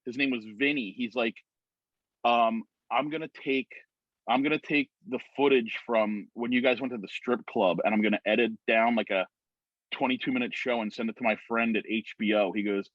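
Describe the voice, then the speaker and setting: A man telling an animated story on a video call, acting out the voices of other people. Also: mid-range voice, normal speed, no echo. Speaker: guest. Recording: dry muffled video-call audio.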